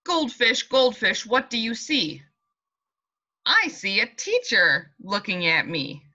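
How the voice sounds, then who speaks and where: Teacher woman, young adult, slow sing-song read-aloud for little kids, bright clear tone, slightly dull home-video sound. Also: on the high side, sing-song. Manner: sing-song, warm and encouraging, speaking slowly and clearly to small children. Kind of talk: reading a picture book and leading a class meeting for young children.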